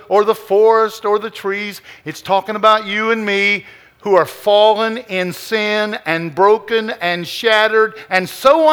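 Male preacher, high and bright, slow emphatic sermon cadence.

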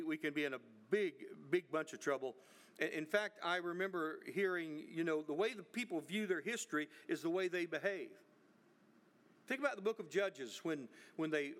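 A middle-aged preacher with a fairly high voice delivers a sermon as a story. He often repeats words and restarts his sentences as he goes. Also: a bit bright.

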